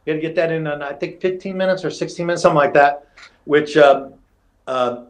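A middle-aged man, telling fight stories as a podcast guest in an animated, casual way, acting out quotes and swearing freely. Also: a little high, quick pace. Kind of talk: casual storytelling interview.

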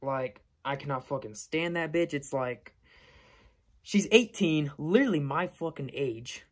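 A man's voice: fairly high pitch, expressive, a little slow. A young man, barely out of his teens, rants straight to the camera in a loose, profane way. He is blunt and repeats his points over and over, as a vlogger talking to his own channel. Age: young adult. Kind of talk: casual rant to camera.

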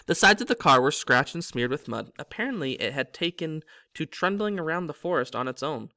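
A man's voice: fairly high pitch, a little fast, no echo. Man reading a story aloud, dry sound. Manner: lively storytelling with slips and self-corrections. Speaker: reader. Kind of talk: audiobook reading of a novel.

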